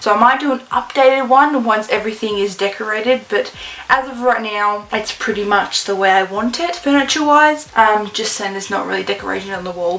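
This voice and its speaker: A woman's voice: medium pitch, fairly bright tone, slight background noise, poor audio. A young Australian woman talking casually and jokily to the camera as she films her bedroom by hand. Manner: chatty, joking, self-deprecating. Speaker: vlogger. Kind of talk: casual room-tour vlog. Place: bedroom indoors. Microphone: handheld camera.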